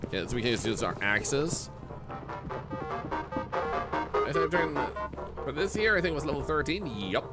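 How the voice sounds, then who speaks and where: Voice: medium pitch, very animated, normal speed, long pauses, over music. A game streamer giving playful, silly live commentary and joking with chat.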